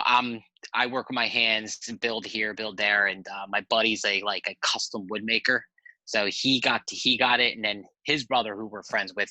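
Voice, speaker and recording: A man's voice: medium pitch, bright, forceful tone, no room sound, rough recording. A man telling stories as a podcast guest in a rambling, laid-back way, swearing casually. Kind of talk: casual storytelling chat.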